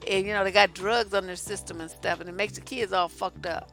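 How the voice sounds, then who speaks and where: A woman's voice: mid-range voice, fairly quick, hardly any pauses, soft background music. A woman relationship coach, giving blunt, profane, sassy advice while answering viewer questions on a live stream. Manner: profane, sassy, animated storytelling.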